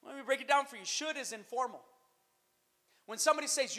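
A man preaching a sermon as pastor, calling out to the church and rising to shouted emphasis. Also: extremely high pitch, fairly quick. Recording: long reverb of a hall.

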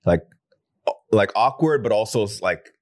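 Teasing man with a lively voice. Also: fairly low pitch, unhurried. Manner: teasing, playful ribbing. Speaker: comedian and podcast co-host. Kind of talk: casual chat.

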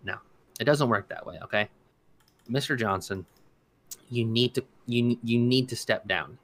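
A man's voice: medium pitch, unhurried, fairly bright tone. Indignant rambling man on a podcast. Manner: rambling, indignant, many restarts and fillers. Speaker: podcast co-host. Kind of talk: casual opinion commentary.

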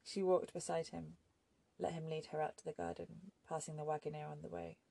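A woman narrating an audiobook in a measured, even storytelling manner. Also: deep voice, creaky, no echo.

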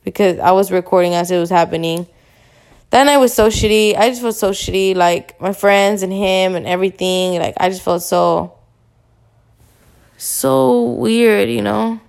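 A woman's voice: mid-range voice, measured pace, creaky, darkish tone. A young woman hosting a casual podcast monologue, venting bluntly with lots of swearing. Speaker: podcast host.

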